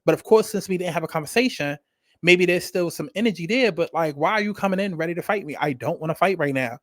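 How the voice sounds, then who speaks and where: A man's voice: high voice, expressive, fairly quick, fairly bright tone, no room sound, studio quality. A man giving a casual, rambling reality TV review, talking animatedly and profanely and repeating himself for emphasis. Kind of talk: casual commentary rant.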